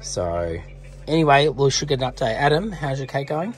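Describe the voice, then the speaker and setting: A man's voice: medium pitch, big pitch swings, normal speed. Chatty Australian man vlogging from a campervan. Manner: chatty, laughs often, talks to his dog. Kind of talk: casual vlog chat. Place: camper van and campground.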